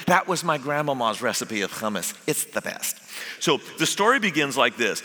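A man's voice: mid-range voice, very animated, moderate pace, pushed and bright. A man giving a sermon as a guest preacher, telling the story with humor. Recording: echoey hall.

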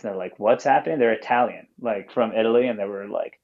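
A man's voice: fairly low pitch, steady tone, fast, hardly any pauses, a little mellow. A man calling in as a podcast guest and telling a story casually, rambling with lots of fillers and swearing. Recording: dull call-in audio.

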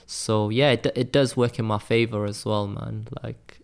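A man's voice: fairly low pitch, steady tone, normal speed, gravelly, smooth. A man from Wales with a light Welsh accent, telling stories in a loose, chatty interview and filling his talk with "like" and "man". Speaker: graphic designer guest. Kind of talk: casual interview storytelling.

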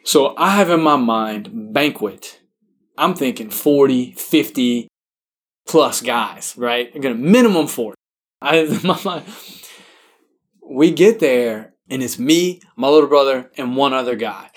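A man, a priest, telling a personal story in a casual, animated way, laughing often and saying "like" a lot. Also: mid-range voice, unhurried. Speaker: Catholic priest.

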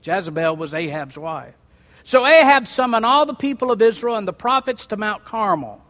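A man preaching a sermon, reading scripture aloud and breaking in with lively asides. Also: sits high, normal speed. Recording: long hall reverb.

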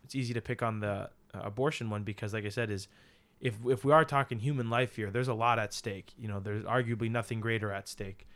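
A man's voice: on the low side, steady tone, fast, hardly any pauses, fairly bright tone. A young man co-hosting a casual faith podcast, explaining at length in an earnest, rambling way with many fillers. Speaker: podcast co-host and teacher.

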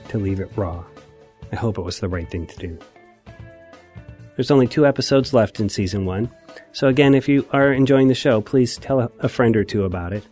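A man with a lowish voice narrates a personal memoir in a quiet, measured way, letting emotion show. Faint music sits underneath. He sounds like a podcast host reading his own story.

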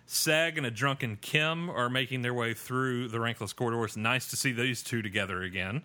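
A man's voice: mid-range voice, normal speed, bright, forceful tone. A man hosting a podcast, recapping a TV episode in a rambling, self-deprecating way. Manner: rambling, self-deprecating, with many fillers and restarts. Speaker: podcast host. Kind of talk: casual episode recap chat.

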